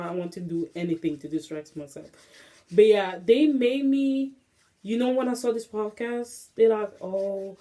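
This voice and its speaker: A young woman hosts her own casual solo podcast, recorded on a phone camera. Her medium-pitched voice is dark in tone, and she rambles restlessly, using lots of fillers.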